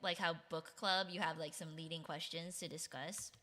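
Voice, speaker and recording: A woman's voice: low-pitched, steady tone, normal speed, pushed and bright, long reverb tail, a little hiss or hum. A woman streamer chatting casually with her viewers, giggling often and reacting to chat.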